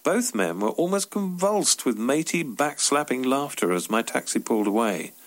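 Man reading his own story out loud, wry, voice jumps up and down a lot. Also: medium pitch, sing-song, normal speed. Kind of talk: scripted devotional reading.

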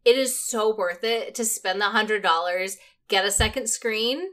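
A woman's voice: medium pitch, unhurried, fairly bright tone. Chatty woman podcast co-host. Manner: chatty, laughs easily, frequent "like". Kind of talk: casual podcast chat.

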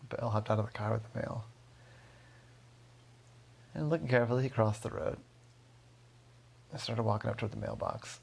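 A man with a gravelly voice telling a story casually, rambling with fillers. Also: fairly low pitch, normal speed, pauses often, darkish tone.

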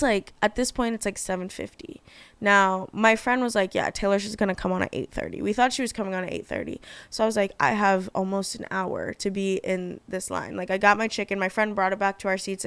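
A woman's voice: medium pitch, a little fast, a bit bright, clean tone, no echo. A young woman hosting her own podcast, chatting casually and gushing, full of fillers and offhand swearing. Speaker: podcast host. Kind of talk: casual solo podcast chat.

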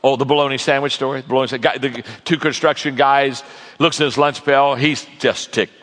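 A man's voice: mid-range voice, fairly even intonation, fairly quick, fairly bright tone. A man preaching a sermon in a folksy, joking storytelling manner to a large audience. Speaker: pastor, guest speaker. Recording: long reverb of a large hall.

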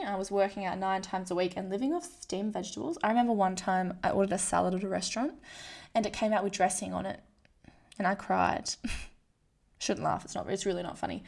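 A woman speaking in a candid personal monologue, frank and self-deprecating, often quoting her own inner voice. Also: mid-range voice. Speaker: vlogger sharing a personal story.

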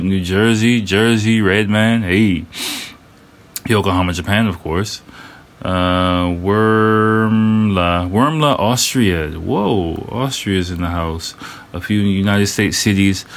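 Deep-voiced rambling podcast host, man. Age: 30s. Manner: loose and rambling, many fillers and restarts, slang like "y'all". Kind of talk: casual solo podcast talk.

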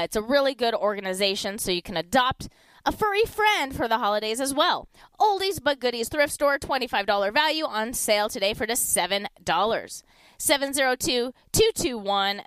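Lively, smooth-voiced woman radio deal host. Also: no room sound. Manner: chatty upbeat sales pitch, repeats phone number slowly. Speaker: radio shopping show host. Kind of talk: live radio deal segment with callers.

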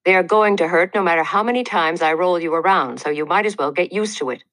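A woman's voice: on the low side, fast talker, fairly bright tone, no echo, natural voice. Woman doing a curt, scolding night nurse. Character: large, stern, impatient female night nurse.

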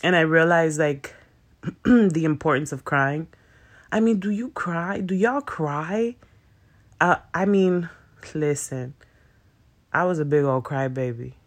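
A young man with a fairly high voice talks casually to viewers about emotions and spiritual growth, speaking slowly with long pauses. His self-help talk is loose and rambling, full of slang, dropped verbs, fillers and swearing.

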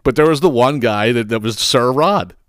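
A man's voice: medium pitch, moderate pace, dry recording, studio quality. A middle-aged man who hosts a podcast, telling rambling, profane stories with frequent laughs and exasperation. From southeastern Pennsylvania. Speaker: podcast host. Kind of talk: casual solo podcast rant.

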